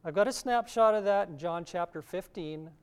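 A man's voice: high-pitched, moderate pace, smooth. A middle-aged man giving a sermon, teaching earnestly and reading scripture aloud. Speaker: preacher.

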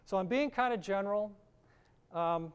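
A man's voice: sits high, normal speed, clear, resonant tone. A middle-aged man giving a sermon, teaching earnestly and reading scripture aloud. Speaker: preacher.

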